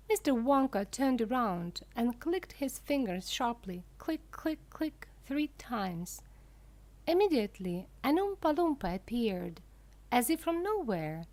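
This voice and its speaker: A woman reads a children's story aloud slowly and expressively. Her voice is fairly high and moves lively through each sentence. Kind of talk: reading a children's book aloud.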